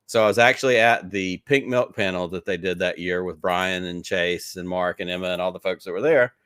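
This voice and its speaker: A man's voice: low-pitched, fairly quick, a bit bright, clear, resonant tone, no room sound, studio quality. A man with a Southern accent, a podcast guest chatting about his hobby, telling stories in an eager, rambling way full of filler words. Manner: enthusiastic rambling storyteller, many "like"s. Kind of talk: casual interview chat.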